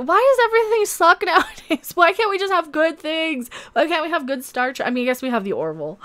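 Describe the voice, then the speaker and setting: A woman's voice: high voice, fairly bright tone. A woman hosting a live stream, chatting casually with her viewers in a rambling, candid way and swearing freely.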